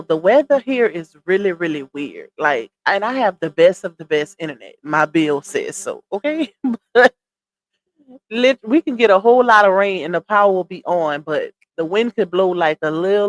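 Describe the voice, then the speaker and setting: A woman's voice: on the low side, animated, normal speed. A woman hosting a casual livestream, chatty and greeting her viewers by name, a little winded from a cold. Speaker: livestream gossip host. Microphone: computer streaming setup.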